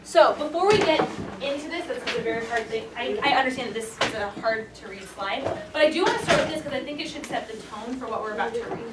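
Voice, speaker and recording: A woman's voice: a little high, animated, fast, few pauses. A woman teaching a class, upbeat and encouraging, playfully hyping the lesson. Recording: echoey room, mic far off, noisy.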